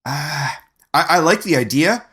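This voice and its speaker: Measured, critical man on a podcast. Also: on the high side, expressive, fairly bright tone, breathy edge. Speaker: podcast panelist. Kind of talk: casual critique.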